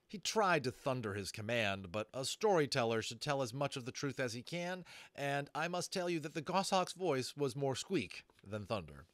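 A man narrating a fantasy novel aloud, expressive, adding brief asides to listeners. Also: fairly low pitch, dry recording. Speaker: audiobook narrator. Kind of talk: dramatic storybook reading.

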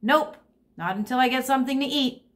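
Teacher doing a pushy hungry baby bird, whiny and demanding, higher pitched, storybook voice. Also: female voice, fairly quick, natural voice. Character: bossy hungry little young female bird.

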